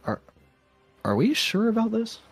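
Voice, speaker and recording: A man's voice: sing-song, a little slow, slightly rough, soft background music, exaggerated voice. A man putting on a timid, sensitive companion who whines and pleads in a raised, wobbly voice. He sounds close to tears and easily hurt. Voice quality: high, whiny, tearful pleading.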